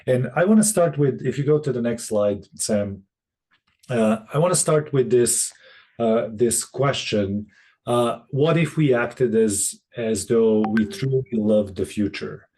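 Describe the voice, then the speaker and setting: Male facilitator on a video call; mellow voice, halting delivery full of fillers. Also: mid-range voice. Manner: halting, many restarts and fillers. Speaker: session facilitator. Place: room in Boston.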